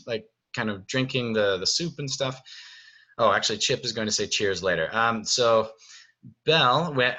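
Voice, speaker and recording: A man's voice: on the low side, pushed and bright. A man directing a stage musical, walking his cast through the staging in a casual, chatty video, checking in with "right?" and "okay?". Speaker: theater director.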